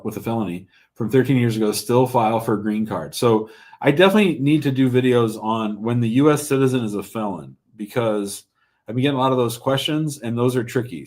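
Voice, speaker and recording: A man's voice: medium pitch, darkish tone. A man hosting a live call-in show, giving blunt, plain-spoken immigration advice to callers and viewers.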